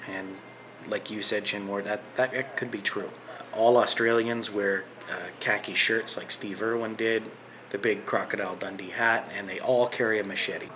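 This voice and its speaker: A man's voice: fairly low pitch, pushed and bright, slight background noise. A middle-aged Canadian man with a Canadian accent, chatting loosely and rambling in a video response to another vlogger.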